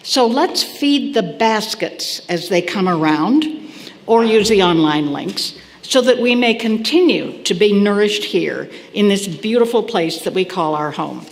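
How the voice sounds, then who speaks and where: A woman volunteer giving a friendly, measured announcement during a church service. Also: medium pitch, animated. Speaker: congregation volunteer making announcements. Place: church sanctuary. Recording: long hall reverb with faint ambience.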